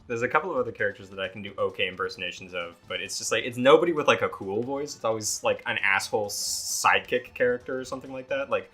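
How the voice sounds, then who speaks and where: A man co-hosting a casual gaming podcast who jokes, laughs often and drops into quick impressions. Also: on the low side, pushed and bright, husky. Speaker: podcast co-host. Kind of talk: casual chat while gaming.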